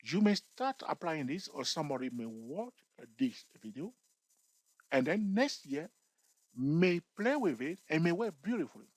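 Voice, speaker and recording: Man teaching investing, lively and talky. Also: a little high, moderate pace, no echo, poor audio. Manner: repetitive, peppers talk with "okay" and "all right"; lively, jokes with viewers. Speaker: investing tutor. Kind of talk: casual spoken tutorial.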